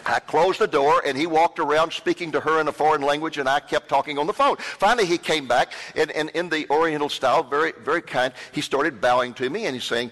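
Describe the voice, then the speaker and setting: A man with a Texan accent, a TV ministry host, telling a personal testimony in a lively, dramatic way with acted-out dialogue. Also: fairly high pitch, brisk, hardly any pauses, long reverb tail, rough recording.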